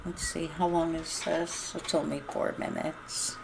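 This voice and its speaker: Older woman vlogger, low-pitched, blunt and exasperated, casual monologue with faint background noise. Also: flat delivery, measured pace, vocal fry. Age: 60s. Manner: blunt, swearing, laughing, frustrated.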